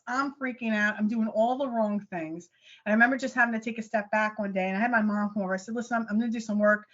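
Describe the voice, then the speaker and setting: A fairly high-voiced middle-aged woman talks quickly and in a self-deprecating way, like an animated storyteller. She is a life coach and a podcast guest. The audio sounds dull and lo-fi. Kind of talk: casual podcast interview.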